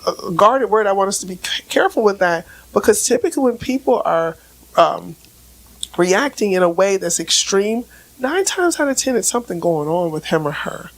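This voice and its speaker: A woman with a raspy voice from laryngitis, speaking as a relationship expert on a casual podcast and explaining with everyday examples. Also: mid-range voice, normal speed, rough recording. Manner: explains with everyday examples, frequent "right?" checks; repeats words when starting sentences.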